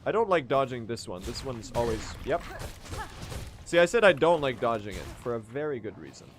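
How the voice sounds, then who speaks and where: A young native Swedish speaker from Sweden streams a speedrun, giving his chat excitable live commentary and swearing as he reacts to play. His mid-range voice runs a little fast, with slight background noise.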